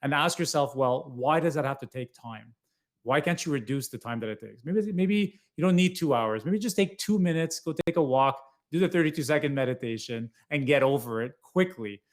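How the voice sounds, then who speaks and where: A man's voice: mid-range voice, animated, moderate pace. A man in his forties, a podcast guest talking in an earnest, emphatic, reflective way. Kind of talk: podcast conversation.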